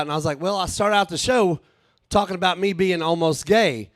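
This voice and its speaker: A man, telling a profane, animated stand-up story at a live show. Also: high-pitched, a little fast, no echo. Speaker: stand-up comedian. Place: live show with a small audience.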